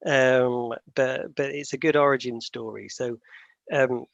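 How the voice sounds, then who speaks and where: A man's voice: mid-range voice, steady tone, measured pace, creaky, no echo, muffled recording. A man hosting a podcast, telling stories in a rambling, self-deprecating way with plenty of fillers and restarts. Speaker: podcast host. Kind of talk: casual conversational podcast chat.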